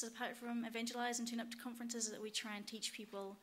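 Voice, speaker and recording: A woman in her thirties with a New Zealand accent, giving a conference workshop talk and pausing often with "um". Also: on the high side, little pitch movement, fairly bright tone. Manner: hesitant, many ums. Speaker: workshop instructor. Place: conference room.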